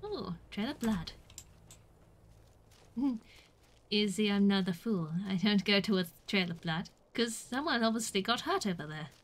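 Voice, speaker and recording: A woman's voice: medium pitch, animated, a little slow, long pauses, slight background noise. A young woman from the UK chatting through a game as a streamer, joking at herself and squealing when she gets hit. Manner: chatty and self-mocking, with squeals when attacked. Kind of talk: casual gameplay commentary.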